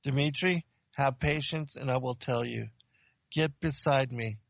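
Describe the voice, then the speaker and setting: A stern male angel of God delivers slow, solemn warnings, as a man retells his words. The voice drops a little lower and keeps a gravelly edge. The recording is dry and dull. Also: no echo. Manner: solemn, slow, commanding pronouncements.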